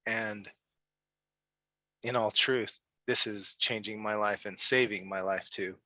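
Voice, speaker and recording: A man's voice: on the low side, fairly even intonation, slow pace, sharp tone, dry recording, low-quality recording. A man speaking on a casual group video call, thanking the group with heartfelt words. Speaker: community member.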